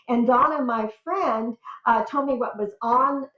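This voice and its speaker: An older woman who is a guest relations expert chats enthusiastically in a conversational interview about her research, squealing with excitement when she tells stories. Her voice is fairly high-pitched and her pace measured. The recording sounds roomy and slightly dull.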